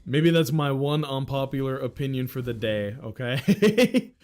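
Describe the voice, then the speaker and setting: A man's voice: medium pitch, a little slow, a little mellow. A man in his thirties from New York, chatting candidly and rambling on a livestream, swearing casually as he talks. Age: 30s. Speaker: livestream host.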